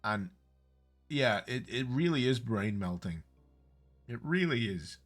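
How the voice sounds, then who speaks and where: A young man from Liverpool with a softened Scouse accent, giving casual gameplay commentary on a livestream, rambling, stammering over words and swearing wryly. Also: medium pitch, animated, takes it slowly, faint music behind. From Liverpool, England. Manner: rambling, stammering repeats, frequent swearing, wry.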